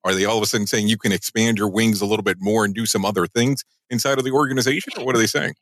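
Fast-talking, bright-voiced male host. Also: on the low side, fairly even intonation. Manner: wordy, joking questions, laughs often. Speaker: podcast host interviewer. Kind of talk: casual interview conversation.

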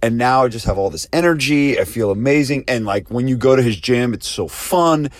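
A man voicing an excited woman who gushes about her gym and trainer in breathless praise. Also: mid-range voice, brisk, dry recording, clean studio sound, pitched above the performer's own voice, natural voice. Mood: gushing. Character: gushing woman, an enthusiastic gym client.

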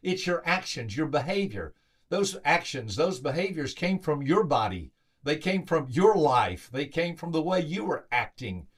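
A man's voice: a little high, normal speed. A man hosting a podcast, telling a motivational story with emphatic, repeated phrases. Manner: acts out quoted voices with lively lifts. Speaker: podcast host and motivational speaker.

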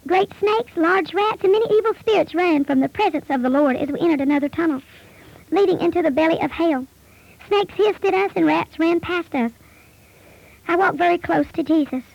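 Very high-pitched gravelly woman preaching. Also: normal speed, a little mellow, no room sound, muffled recording. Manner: earnest, pleading, solemn. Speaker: preacher recounting a vision. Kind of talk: preached testimony narration.

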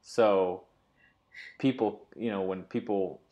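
A man telling a driving story in a casual, halting way, with many fillers and restarts. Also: lowish voice, steady tone, warm tone, muffled recording. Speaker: co-host.

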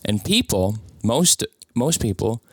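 A man with a fairly low voice tells a personal story in an earnest, reflective way. He voices the people in it in his own plain tone. The sound is dry and close, with little room around it. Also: big pitch swings, slow, breathy edge, no echo.

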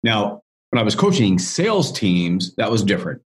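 In an interview, a business coach tells a story in a chatty, wandering style, restarting often and saying "you know" a lot. His voice is on the low side, swings widely in pitch, and moves at a moderate pace.

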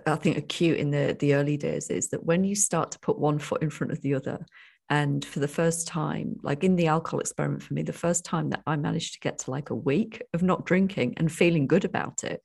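Husky low-voiced woman host. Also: fairly quick, darkish tone. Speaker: podcast host. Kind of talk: casual interview talk.

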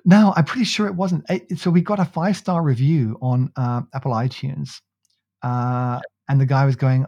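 A man's voice: a little high, a little fast, mellow, no echo, muffled recording. A man co-hosting a podcast, telling jokey stories in a casual chat and laughing often. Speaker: podcast co-host.

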